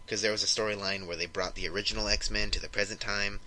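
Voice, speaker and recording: Young guy on a podcast, lowish voice, rambling excited comic recap. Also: fast, a little hiss or hum, rough recording. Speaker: podcast co-host. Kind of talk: casual chat retelling a comic.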